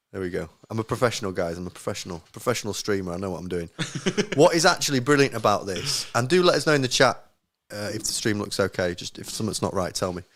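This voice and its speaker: A man's voice: on the low side, expressive, fast talker, a bit bright, slight background noise. A young man hosting a casual live-stream podcast, joking, laughing often and talking to the chat. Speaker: podcast host.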